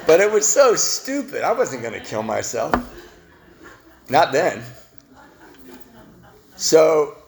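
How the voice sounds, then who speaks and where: A man sharing his recovery story at a meeting, self-mocking and laughing at his own past, swinging between loud bits and quiet confession. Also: on the high side, huge pitch swings, slow, gravelly, pauses often, noisy background. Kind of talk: personal testimony at a recovery meeting.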